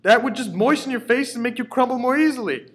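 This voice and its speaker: A man voicing a panicky male talking cookie, yelling in a shrill, high voice. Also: quick pace. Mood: alarmed.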